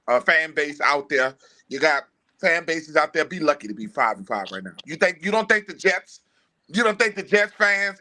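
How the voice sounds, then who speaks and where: A man with a New Orleans accent and a high, bright, forceful voice gives sports analysis in casual podcast talk. Fired-up and argumentative, he argues hard with a string of rhetorical questions.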